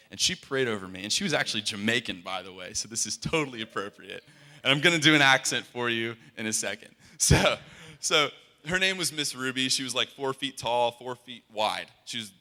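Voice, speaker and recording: A man's voice: mid-range voice, pushed and bright. Earnest young man preaching in a hall. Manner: conversational, earnest, with stammered restarts. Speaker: worship leader and guest speaker. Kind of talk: sermon. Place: large hall. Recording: long hall reverb.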